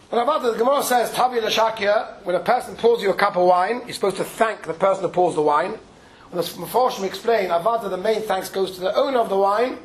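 A man with a high voice delivers an informal Torah talk in a loose, conversational way. He mixes Yiddish and Hebrew terms into his English and acts out the voices in his stories. A faint hiss sits under the recording. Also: low-quality recording. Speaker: rabbi giving a Torah talk.

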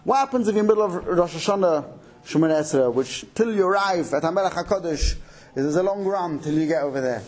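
Fast, husky man teaching a halacha class. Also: fairly high pitch. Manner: fast, animated explaining with Yiddish-English Torah terms. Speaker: Torah teacher.

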